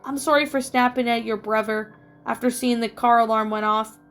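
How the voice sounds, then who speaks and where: A woman voicing a grieving young woman who survived a zombie outbreak, speaking softly and tearfully in a read-aloud story. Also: on the high side, steady tone, normal speed, soft background music, natural voice. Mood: sad. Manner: tearful, soft-spoken.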